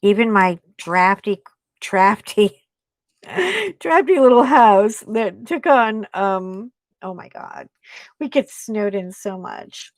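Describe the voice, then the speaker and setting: A woman hosting a casual craft live stream, chatting excitably with viewers and breaking into gasps and "oh my God" exclamations. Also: mid-range voice, takes it slowly, no room sound.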